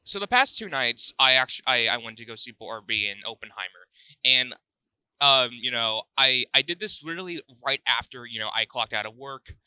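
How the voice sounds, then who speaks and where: A man's voice: medium pitch, lively intonation, normal speed, bright, forceful tone, smooth, no room sound. A young man from Missouri, a podcast guest telling a rambling story in casual chat, often restarting his sentences. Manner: rambling, self-interrupting storyteller.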